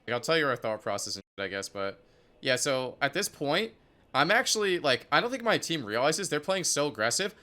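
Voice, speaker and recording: A young man giving casual commentary on his own competitive match, excitable and profane, full of "like" and "dude". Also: fairly high pitch, brisk. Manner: excitable, profane, filler-heavy talk. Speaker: esports player reviewing his match.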